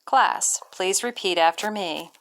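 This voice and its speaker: A woman voicing a polite but condescending female schoolteacher, speaking crisply and a little louder. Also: medium pitch, takes it slowly, background noise. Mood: instructing. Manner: crisp classroom instructions, raised voice.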